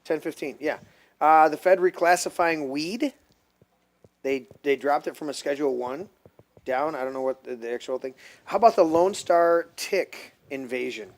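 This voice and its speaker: A man's voice: fairly high pitch, normal speed. A man hosting a casual political chat show who rambles, jokes and sometimes loses his train of thought. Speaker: podcast host.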